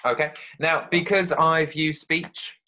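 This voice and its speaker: A man's voice: fairly high pitch, steady tone, slow, sharp tone. Male teacher explaining steps. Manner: friendly, explanatory, talks children through each step. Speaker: primary school teacher. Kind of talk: online literacy lesson.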